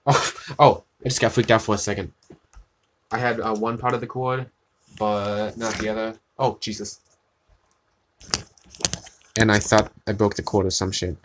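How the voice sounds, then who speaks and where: A man's voice: on the low side, flat delivery, normal speed, pauses often, a little hiss or hum. A tired man chatting casually on a live art stream, rambling and self-deprecating, with casual swearing.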